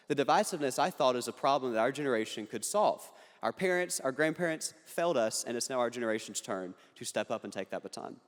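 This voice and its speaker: A young man addresses a crowd from the stage with earnest conviction, mixing quick jokes into his points. His voice sits at an ordinary pitch, and the long reverb of a big hall trails behind every line. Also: animated. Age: young adult. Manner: earnest, punchy delivery with jokes. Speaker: political speaker. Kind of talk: speech to an audience. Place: large hall on a university campus.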